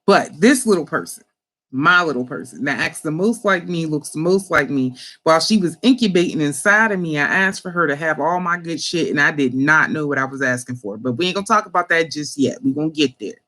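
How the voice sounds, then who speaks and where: A woman hosting an online talk, telling a family story in a casual, animated, profane way with slangy speech and frequent laughter. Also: low-pitched, a little fast. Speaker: host.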